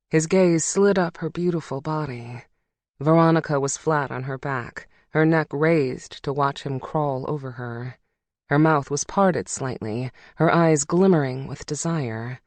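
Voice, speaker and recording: An audiobook narrator reading a romance novel in a measured, intimate way. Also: medium pitch, a little mellow, dry recording.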